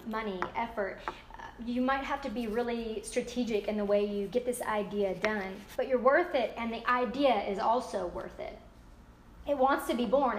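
A woman with a fairly high voice talks through a book with a group in a casual, chatty way. She is animated and often acts out little quoted voices. The sound is roomy and echoey, with faint ambience behind her. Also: slight background noise. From United States. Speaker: book discussion leader.

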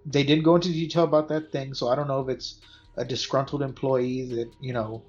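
A man's voice: mid-range voice, flat delivery, brisk, darkish tone. Laid-back man with slangy podcast chatter. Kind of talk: casual movie discussion. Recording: dull lo-fi audio with faint music.

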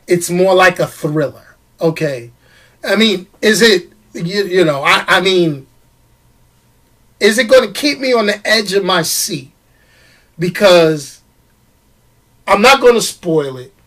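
A man hosting a casual live show, talking straight to his commenters with quick restarts, repeated phrases and frequent laughter. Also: high-pitched. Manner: animated, stammering restarts, laughs often, talks to commenters. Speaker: show host. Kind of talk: casual live-stream chat.

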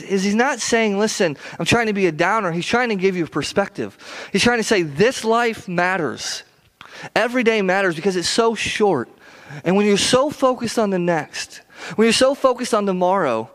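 A man delivers a sermon with earnest repetition. He often stumbles over his first words and restarts them. His voice sits a little higher than most men's. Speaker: pastor.

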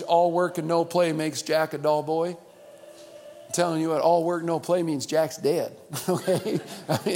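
A male pastor preaching a sermon, calling on the church to repeat after him and swinging between loud and hushed. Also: on the high side. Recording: long hall reverb.

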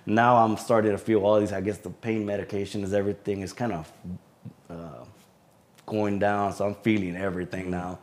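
A man being interviewed as a sheriff's deputy guest, telling a personal story in a halting way with many fillers. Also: fairly low pitch, steady tone, a little mellow. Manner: halting recounting with frequent fillers.

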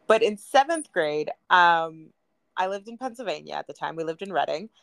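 A woman's voice: lowish voice, lively intonation, normal speed, creaky, fairly bright tone, no echo. A young woman co-hosting a podcast, telling a story casually with fillers and easy laughter. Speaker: podcast co-host. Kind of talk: casual chat.

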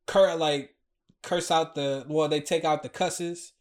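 Male co-host, fairly high voice, loose slangy banter, quick to laugh. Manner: animated, laughs often, loose slangy talk. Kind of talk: casual chat.

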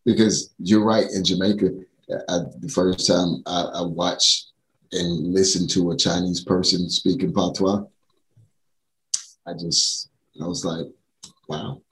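A man's voice: low-pitched, level tone, unhurried, a bit bright. A man chatting casually, explaining his views thoughtfully with down-to-earth examples. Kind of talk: casual chat. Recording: roomy echo.

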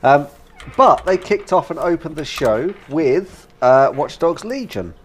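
A man with a British accent co-hosting a casual gaming podcast, animated and laughing often as he talks. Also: fairly high pitch, unhurried, slight background noise. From Britain. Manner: animated, laughs while talking, many fillers. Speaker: podcast co-host.

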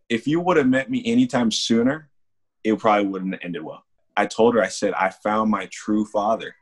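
Young man, lowish voice, halting candid testimony, gets quiet on the heavy parts. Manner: candid, halting, with small laughs and restarts; slows and softens on heartfelt lines. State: emotional, holding back tears. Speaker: testimony speaker. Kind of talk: personal testimony, casual storytelling.

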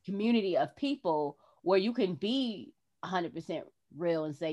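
A woman's voice: on the low side, lively intonation, normal speed, hardly any pauses, a little mellow. A woman hosting a podcast, talking in a casual heart-to-heart way and acting out her own past words expressively. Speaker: podcast host.

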